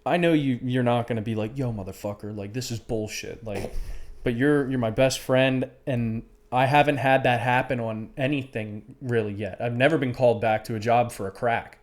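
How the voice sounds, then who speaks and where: A man's voice: medium pitch, fairly even intonation, normal speed. Swearing, self-critical young man chatting. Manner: heavy swearing, calls his friend dude, self-critical. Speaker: podcast co-host. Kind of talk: casual chat.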